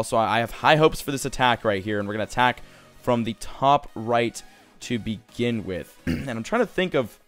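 A young man giving casual, excitable commentary over his own gameplay, swearing and growing frustrated as things go wrong. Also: mid-range voice, smooth. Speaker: gaming commentator.

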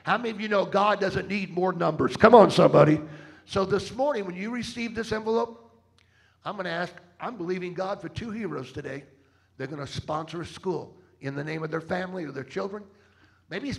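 A man with a high, gravelly voice preaches a sermon to a church congregation. He tells stories dramatically and keeps rallying the crowd with call-outs for an answer. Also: brisk. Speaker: travelling preacher. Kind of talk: sermon with storytelling and fundraising appeal. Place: church service.

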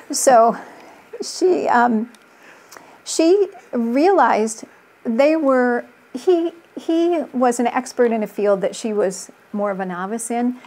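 Woman, middle-aged, relationship coach, earnest, storytelling, fairly high voice. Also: darkish tone. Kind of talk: conversational interview.

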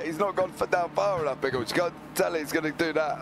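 A hoarse man co-commentating a live sim race, rambling into jokey comic tangents with a croaky voice. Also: on the high side, normal speed, music in the background.

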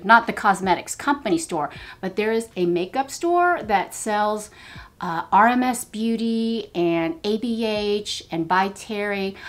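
Chatty older woman vlogger. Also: medium pitch. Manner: chatty, self-deprecating, gushing over products. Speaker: beauty vlogger. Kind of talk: casual get-ready-with-me chat. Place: finished basement at home.

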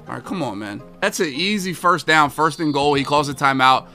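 A young man giving live commentary while playing a football video game, swearing often and swinging from low muttering to loud, exasperated outbursts. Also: brisk, hardly any pauses, faint music behind. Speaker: gaming video creator.

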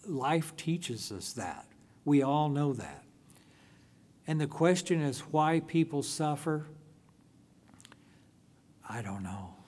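A man preaching a sermon as a pastor, telling a story in a deliberate way with drawn-out phrases. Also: on the high side, expressive, darkish tone.

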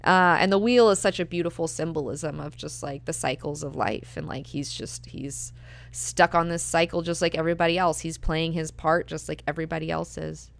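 A woman's voice: sits low, steady tone, moderate pace, creaky. A young woman hosting a book club, talking casually and filling her speech with "like" and "you know". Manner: chatty, lots of "like" and "you know".

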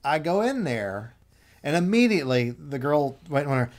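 A man telling an anecdote in casual chat, annoyed, animated, acting out what people said. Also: on the high side, moderate pace. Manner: animated retelling, acts out quotes.

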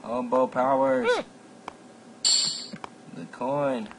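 A man casually commentating a game as he plays, excitable and quick to yelp and exclaim at what happens. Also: mid-range voice. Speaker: gameplay commentator. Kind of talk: casual let's-play commentary. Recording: noisy home mic recording.

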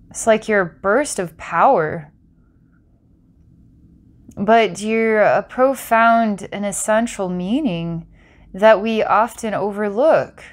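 A woman's voice: mid-range voice, takes it slowly, pauses often. A woman doing a psychic reading for a client, rambling and breaking into giggles between intense passages. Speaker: psychic reader.

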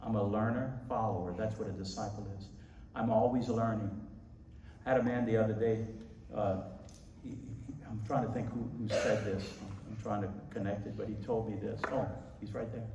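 A male pastor preaching an animated sermon, his voice booming when he quotes scripture. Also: normal speed, a little hiss or hum. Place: large church hall. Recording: echoey hall, voice from far off.

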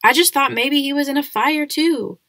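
Woman doing a bratty schoolboy bully, snide and mocking, a bit gravelly, dry close sound. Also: sits high, normal speed, sharp tone, no echo, voice pushed up. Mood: defensive. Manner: sneering, mocking questions. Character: snide, sarcastic ten-year-old schoolboy.

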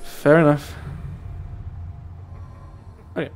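A man's voice: drawn-out words, darkish tone, soft background music. A man casually commenting on his gameplay, rambling and talking to himself with lots of fillers and restarts. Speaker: gaming YouTuber. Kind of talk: casual let's play commentary.

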